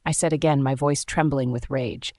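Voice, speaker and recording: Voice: mid-range voice, fairly even intonation, normal speed, a little mellow, dry recording, clean studio sound. A narrator reading a first-person romance story aloud with dramatic, emotional delivery.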